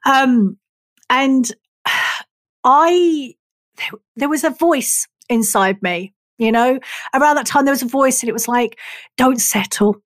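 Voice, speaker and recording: A middle-aged woman, a talk therapist telling her personal story in a frank, expressive way and swearing freely. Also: high voice, slow, pauses often, no room sound. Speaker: talk therapist and body worker.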